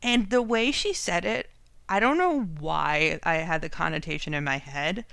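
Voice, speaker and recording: Podcast co-host, woman, crisp dry voice, chatty and giggly. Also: on the low side, expressive, moderate pace, fairly bright tone, no echo. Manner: chatty, laughs often, lots of likes. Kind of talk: casual chat.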